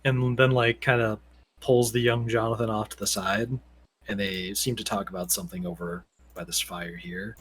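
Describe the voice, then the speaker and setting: A man's voice: fairly low pitch, steady tone, normal speed, a bit bright, slight background noise. A man narrating as game master for a tabletop game, casual and rambling with many fillers.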